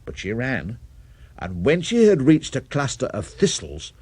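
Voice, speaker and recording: A man's voice: mid-range voice, huge pitch swings, a little slow, darkish tone, husky, dry recording. An older man telling a children's story, playful and speaking directly to young listeners.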